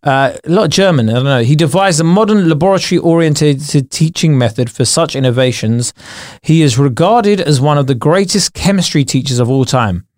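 A man's voice: on the high side, animated, normal speed, a little mellow, no echo, studio quality. A man co-hosting a casual podcast, bantering with playful mock outrage and laughing often. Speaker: podcast co-host.

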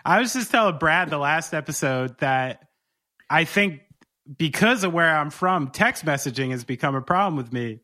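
High, bright-voiced laid-back man. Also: expressive, moderate pace. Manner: laid-back, swears casually. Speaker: podcast host. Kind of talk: casual chat.

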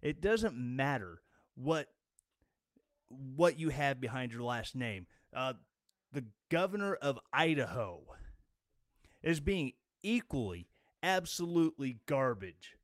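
Combative man ranting with a lively voice. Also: medium pitch, takes it slowly, dry recording, clean studio sound. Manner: sarcastic and combative. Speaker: political commentator. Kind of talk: angry political rant.

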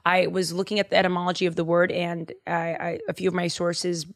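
A woman's voice: on the low side, level tone, fast. A woman hosting a podcast, retelling Bible stories in a casual, slangy, chatty way. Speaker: podcast host.

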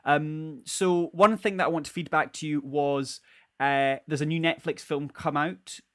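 A man's voice: a little high, steady tone, unhurried, fairly bright tone. A man co-hosting a casual film chat, rambling and correcting himself as he goes. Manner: rambling, self-correcting, chatty. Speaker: podcast co-host. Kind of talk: casual chat about films.

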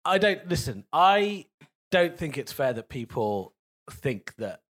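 Comedian co-host, thirties man, argumentative, lively and a bit high pitched. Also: slow pace. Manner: argumentative, defends himself at length. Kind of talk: casual chat.

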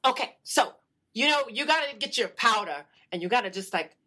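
A woman's voice: on the high side, lively intonation, fairly quick, bright, forceful tone. A woman doing an impression of a brash, confident female comedian, talking in a boastful, swaggering way. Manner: swaggering, boastful street-style talk.

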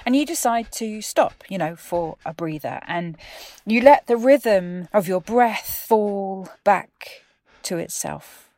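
A woman who hosts a podcast, speaking as a poet and theatre maker in measured spoken-word narration that lingers on words and drops softly in volume. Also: medium pitch, expressive, dry recording.

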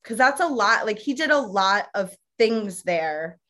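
A woman hosting a podcast speaks slowly, in an unhurried casual chat. She tells stories with frequent laughs, at a middle pitch for a woman. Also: animated. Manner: warm storyteller, unhurried, laughs often. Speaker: podcast host.

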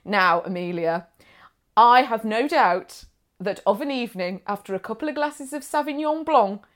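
Brief: high-voiced, playful woman co-host, laughs often. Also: moderate pace, a bit bright. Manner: giggly, playful, theatrical emphasis. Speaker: podcast co-host. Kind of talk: casual chat, reading listener messages.

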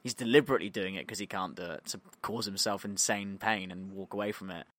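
Animated man retelling a story. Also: low voice, quick pace, no echo. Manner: animated retelling, acts out quoted lines, laughs often. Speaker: podcast co-host. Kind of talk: casual storytelling chat.

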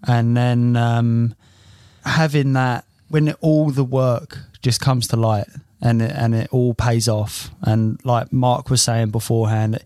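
A man's voice: medium pitch, darkish tone, dry recording, studio quality. A man co-hosting a casual golf podcast, enthusiastic and slangy with frequent ums. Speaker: podcast co-host.

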